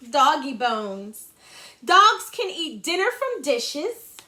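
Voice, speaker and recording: A woman's voice: high voice, big pitch swings, very slow, pushed and bright. A woman teacher reading a picture book to young children in a sing-song, encouraging way. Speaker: kindergarten teacher.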